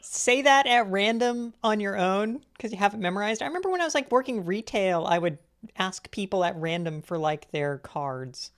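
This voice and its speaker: A woman's voice: mid-range voice, animated, moderate pace. A woman hosting a tabletop game stream who chats casually, in a scattered and self-deprecating way, over a home streaming mic. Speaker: host.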